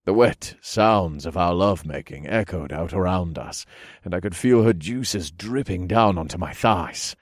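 A man narrating a first-person erotic story in a low, breathy, intimate way. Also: animated, unhurried, no room sound, clean studio sound.

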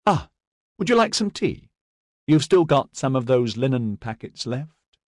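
A man's voice: medium pitch, big pitch swings, measured pace, darkish tone, dry recording, clean studio sound, pitched above the performer's own voice. Man doing an exasperated male soldier comrade. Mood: hopeful.

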